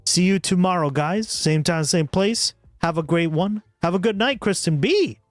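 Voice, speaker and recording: A man's voice: high-pitched, lively intonation, moderate pace, no room sound, faint music behind. A man hosting a livestream, chatting casually with a rambling, profane manner and frequent laughter. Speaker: livestream host. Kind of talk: casual chat.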